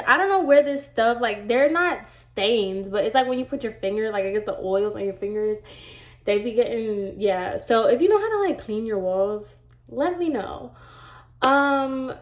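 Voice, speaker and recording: Young woman vlogger, stuffy from a cold, rambling storytime chat, roomy home echo. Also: mid-range voice. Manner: chatty, rambling, lots of "like" and "y'all". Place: home room.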